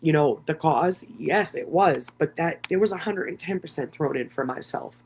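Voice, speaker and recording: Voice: mid-range voice, moderate pace, a little mellow, a little hiss or hum. A content creator talking through an emotional, rambling livestream monologue, swearing heavily and circling back on thoughts. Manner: many fillers and restarts.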